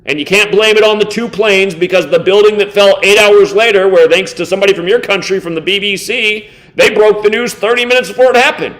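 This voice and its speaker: A man in his thirties delivering an angry reaction commentary, contemptuous and insulting, swearing heavily and slowing down to mock. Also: sits high, fairly bright tone. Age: 30s. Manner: sarcastic, slows down to mock. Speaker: online video host.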